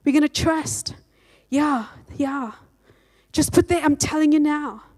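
High-voiced woman preaching a sermon. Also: measured pace. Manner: lively preaching, reads scripture aloud and acts out quotes. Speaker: pastor.

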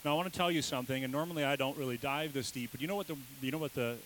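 A man's voice: mid-range voice, very fast, hardly any pauses, background noise. A man, a father, preaching a sermon in a casual, joking, conversational way. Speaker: pastor.

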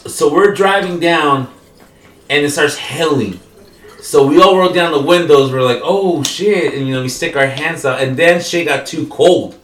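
A man telling a story in casual chat, animated and full of slang, in a roomy, off-mic recording. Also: on the high side, moderate pace, distant mic, slight background noise. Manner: animated, slangy, acts out the characters. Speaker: podcast co-host.

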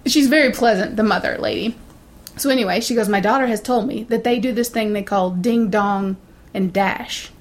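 A woman's voice: mid-range voice, moderate pace. A woman telling a casual story to a friend, blunt and swearing freely, acting out the voices of people she quotes.

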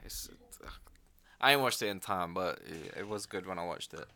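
A man's voice: low-pitched, expressive, moderate pace, bright, forceful tone. A young man with a loose, slangy and teasing way of talking, co-hosting a casual podcast. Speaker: podcast co-host. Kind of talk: casual chat.

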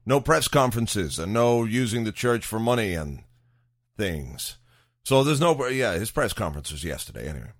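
Low-voiced man rambling in jokey football chat. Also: big pitch swings, moderate pace. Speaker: podcast host.

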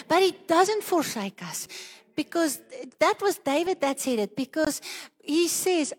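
High-voiced, slow-talking woman preacher. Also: big pitch swings, long reverb tail. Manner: rises into loud rhythmic declarations, speaks in tongues. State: out of breath. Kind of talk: charismatic sermon.

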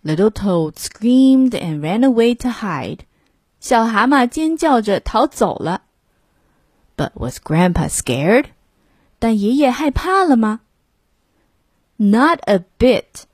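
Woman, bilingual storybook reader, slow pace, lively pitch, breathy, dry close sound. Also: no echo.

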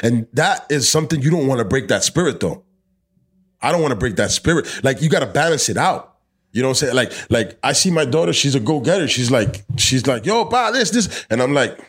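A man's voice: medium pitch, husky. A young man hosting a podcast outdoors, talking loosely in slang and swearing, sometimes ranting. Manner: loose, profane, animated rants with slang. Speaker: podcast host. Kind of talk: casual chat. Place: outdoors in the cold.

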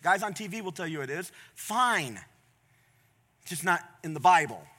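A man preaching a sermon in a conversational, folksy way, moving between quiet asides and loud, emphatic points. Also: sits high, expressive, normal speed. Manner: folksy, plain-spoken. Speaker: pastor.

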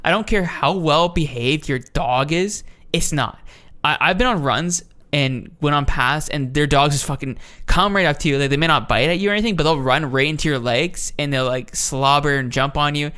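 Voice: mid-range voice, moderate pace, fairly bright tone, clear, resonant tone. A podcast host in casual chat, ranting with plenty of swearing and frequent restarts. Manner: ranting, profane, with many restarts.

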